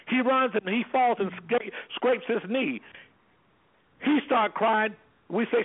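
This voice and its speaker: On what sounds like a phone line into a radio talk show, a man with a high voice plays an anger management specialist. He speaks at a measured pace but emphatically, almost like a preacher, and keeps repeating "guess what."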